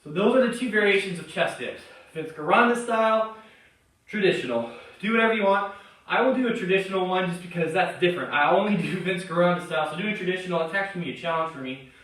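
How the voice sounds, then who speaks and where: A male fitness trainer talks fast in a high, slightly bright voice while demonstrating chest dips for a tutorial. Between breaths he gives coaching tips and encouragement, and the audio comes from far off in a very echoey gym.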